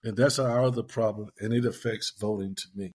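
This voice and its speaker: A man's voice: fairly low pitch, fairly even intonation, fairly quick, darkish tone, husky. An older man speaking as a guest on a podcast panel, reflective and plain-spoken, calling himself a pessimist. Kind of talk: panel discussion.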